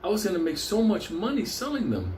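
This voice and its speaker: A man's voice: wildly swooping pitch, a little mellow, a little hiss or hum. A man voicing an earnest older male hippie hash baker who stammers in a raised voice. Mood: earnest, fretful. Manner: halting, stammering, pitched up. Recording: roomy echo.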